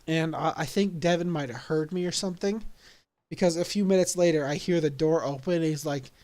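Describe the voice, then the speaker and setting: A young man telling a story casually, animated and laughing along at his own story. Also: on the high side, brisk. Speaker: vlogger.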